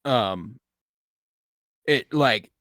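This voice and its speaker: A man's voice: medium pitch, expressive, drawn-out words, fairly bright tone, no echo, clean studio sound. A man co-hosting a podcast, chatting casually and opinionatedly about a movie, swearing now and then with plenty of ums. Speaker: podcast co-host. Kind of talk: casual movie review chat.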